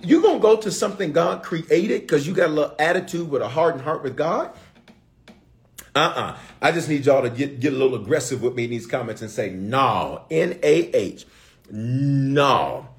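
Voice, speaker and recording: A middle-aged man preaching a sermon as a bishop, animated and playful, calling out to his listeners. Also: a little high, brisk. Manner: animated, call-and-response preaching with playful asides.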